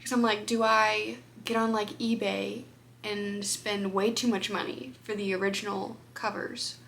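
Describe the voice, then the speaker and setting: A woman's voice: mid-range voice, level tone, measured pace, vocal fry, fairly bright tone, a little hiss or hum. A woman book vlogger talking casually to camera, chatty and rambling, with lots of fillers.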